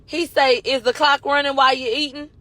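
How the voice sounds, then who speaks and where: A woman doing casual commentary, retelling court testimony in an animated, profane way. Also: high-pitched, fairly quick, no echo. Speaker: commentary host.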